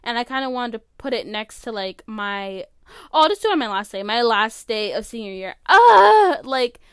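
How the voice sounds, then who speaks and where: Chatty high-pitched teen girl podcaster. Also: brisk, a bit bright, clean tone, dry recording, clean studio sound. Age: late teens. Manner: rambling, filler-heavy, emotional. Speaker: podcast host. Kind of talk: casual solo podcast chat. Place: her bedroom.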